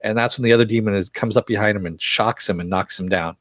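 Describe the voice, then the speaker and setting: A low-voiced man rambles through an episode recap, swearing freely and filling pauses with "uh" and "you know." The sound is dry and close to the mic, with no room around it. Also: a bit bright, dry recording. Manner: loose, profane, chatty with frequent fillers. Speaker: show reviewer.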